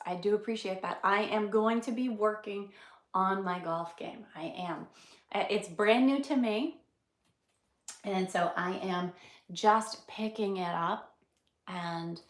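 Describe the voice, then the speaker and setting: Chatty middle-aged woman in an echoey room. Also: mid-range voice. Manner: chatty, laughs often, answers viewer comments. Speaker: livestream host. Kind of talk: casual livestream chat.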